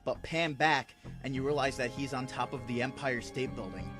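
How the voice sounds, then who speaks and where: A man's voice: medium pitch, fairly even intonation, moderate pace. Chatty man narrating a film idea. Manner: loose, chatty storytelling with fillers. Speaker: fan film creator. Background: background music.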